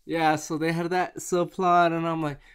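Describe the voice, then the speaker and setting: A man chatting casually on camera in a rambling, excitable way, with many restarts. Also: fairly high pitch, normal speed, clean tone. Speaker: vlogger reviewing a movie. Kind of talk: casual chat.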